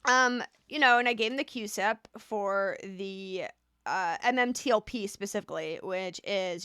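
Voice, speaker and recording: A woman's voice: medium pitch, unhurried, bright, forceful tone, clean tone, dry recording, studio quality. A woman vlogging casually, explaining things chattily and often repeating a rhetorical "right?".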